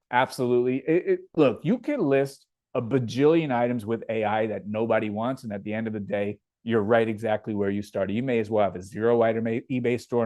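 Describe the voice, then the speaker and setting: A man's voice: mid-range voice, darkish tone, dry recording. A man from Indiana, hosting a casual live Q&A and reading viewer comments aloud before answering them. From Indiana, USA. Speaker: livestream host.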